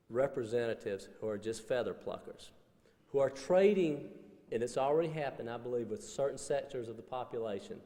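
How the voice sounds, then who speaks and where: A man giving a speech, a folksy storyteller who drops his voice low for dialogue. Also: darkish tone. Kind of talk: public speech with a told story. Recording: reverberant hall.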